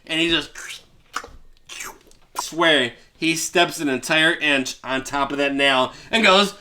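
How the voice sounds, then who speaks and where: A man's voice: fairly high pitch, takes it slowly. Rowdy, profane man retelling a film. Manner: rowdy, profane, breaks into shouted character voices. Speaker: comedy podcast host. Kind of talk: profane comedic movie retelling.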